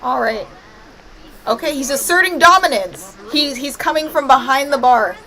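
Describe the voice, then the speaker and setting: A woman's voice: sits high, expressive, normal speed, a crowd in the background, low-quality recording. A woman streaming a life-sim game, commenting playfully and bossing her characters around. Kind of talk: live gameplay commentary.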